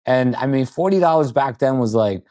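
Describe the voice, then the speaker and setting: A man's voice: medium pitch, normal speed, no room sound. Dry-sounding man in his fifties telling stories. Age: 50s. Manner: rambling, animated anecdotes with quoted voices. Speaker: podcast guest. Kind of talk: storytelling in casual chat.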